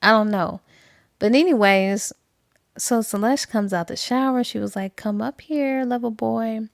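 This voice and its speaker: A woman's voice: mid-range voice, darkish tone, no room sound. Woman gossiping through a book plot, lots of ums, dry close mic. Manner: chatty retelling with fillers, acting out quotes. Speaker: book reviewer. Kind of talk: casual book recap.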